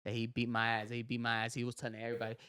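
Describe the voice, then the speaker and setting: A man hosting a comedy podcast, telling a story in an animated way, acting out the quotes and laughing often. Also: mid-range voice, rapid-fire. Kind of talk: casual storytelling chat.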